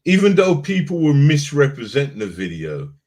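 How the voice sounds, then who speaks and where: A man's voice: on the high side, wildly swooping pitch, moderate pace, darkish tone. A man co-hosting a casual podcast chat, hesitant and repeating words as he starts his sentences. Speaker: podcast co-host.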